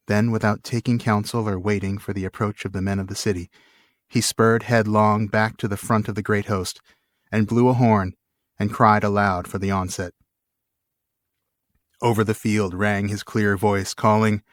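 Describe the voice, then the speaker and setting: A man co-hosting a podcast, reading a book passage aloud in a measured, steady way and chatting casually. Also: on the low side, no echo, studio quality. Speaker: podcast co-host.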